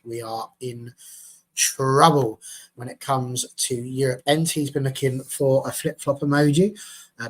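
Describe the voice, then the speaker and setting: A man's voice: medium pitch, fairly bright tone. A man hosting a casual fan panel, chatty and jokey, reading out viewer comments. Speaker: fan show host.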